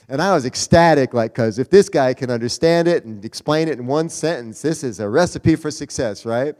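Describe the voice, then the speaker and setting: A man's voice: mid-range voice, brisk, hardly any pauses, darkish tone. Folksy man speaking in an echoing hall. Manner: folksy, chatty, jokey. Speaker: Rotary district leader giving a talk. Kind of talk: conference speech. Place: large conference hall. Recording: reverberant conference hall.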